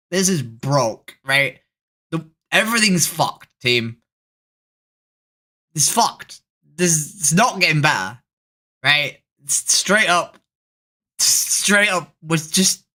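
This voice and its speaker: Woman in her 30s streaming, swears loads, lively up and down voice. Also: deep voice, slow, long pauses. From Leeds, England. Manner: blunt, sweary, animated. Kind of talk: casual video-chat streaming.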